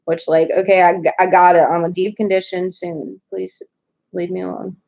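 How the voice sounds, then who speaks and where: A woman's voice: on the low side, level tone, moderate pace, vocal fry, darkish tone. A young woman in her twenties chatting casually with livestream viewers, rambling through stories full of "like". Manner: rambling, chatty storytelling with many "like"s. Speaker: writer hosting a livestream.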